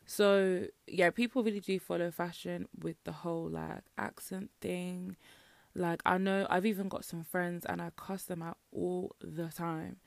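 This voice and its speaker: Young Birmingham woman, podcast host, straight-talking rant; lowish gravelly voice, dry close sound. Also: flat delivery, unhurried, dry recording. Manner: frank, opinionated, filler-heavy with lots of "like". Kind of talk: casual solo podcast rant.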